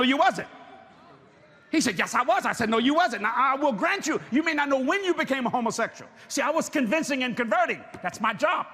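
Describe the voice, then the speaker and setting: Guy preaching, real high bright voice, shouts his points. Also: slight background noise. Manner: animated, joking, bursts into shouted emphasis. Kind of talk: sermon with storytelling.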